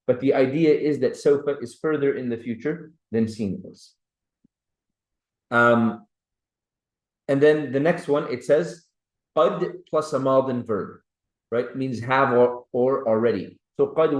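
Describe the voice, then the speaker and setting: A man's voice: medium pitch, unhurried, roomy sound, low-quality recording. A man teaching a classroom grammar lesson, who keeps checking that his students follow. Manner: patient, checks understanding with "right?" and "clear?". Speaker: Arabic teacher.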